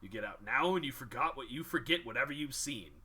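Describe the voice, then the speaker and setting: A man's voice: medium pitch, animated, fast talker, pushed and bright, slightly rough, heavily acted. A man voicing a large, snarling male half-orc guard. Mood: threatening.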